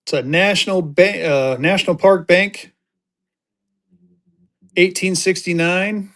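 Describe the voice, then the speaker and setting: High-voiced upbeat livestream auction seller man. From Colorado. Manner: upbeat, rapid-fire adding items, gets excited.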